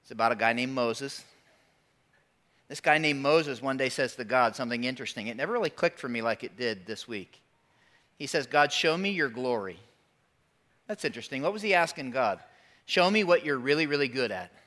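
A man's voice: mid-range voice, animated, fairly quick, bright, forceful tone. A man in his forties preaching a sermon, storytelling with animation and calling out to his congregation. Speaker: pastor.

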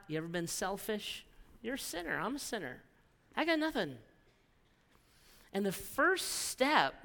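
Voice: mid-range voice, fairly bright tone, long reverb tail. A pastor preaching a sermon, telling a story with repeated phrases and frequent "right?" tags.

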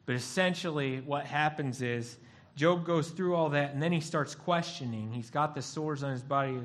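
A man's voice: a little high, moderate pace. A male pastor giving a sermon, telling stories and acting out the voices of the people in them. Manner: animated storytelling, acts out voices.

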